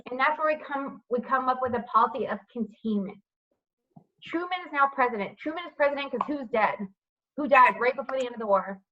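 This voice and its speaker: A woman's voice: high voice, a little fast, muffled recording, slight background noise. A woman teaching history over a video call, asking students questions by name and checking with "right?". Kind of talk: online class lecture with questions. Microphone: computer mic on a video call.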